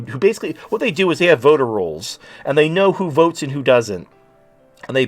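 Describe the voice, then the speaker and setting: A man in his late thirties hosting a talk show, ranting in a blunt, sarcastic and profane way. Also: mid-range voice. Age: late 30s. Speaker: podcast host. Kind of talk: casual talk-show rant.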